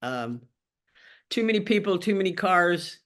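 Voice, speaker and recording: An older Tennessee woman tells her life story frankly and wryly in an oral history interview, acting out the voices of the people she quotes. Her voice is fairly low in pitch, animated and a little slow.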